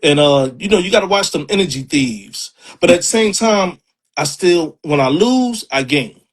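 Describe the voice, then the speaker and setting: A man's voice: high-pitched, lively intonation, normal speed. A man with a New York accent, a poet, talking casually in an interview with lots of streetwise slang and laughter. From Harlem, New York.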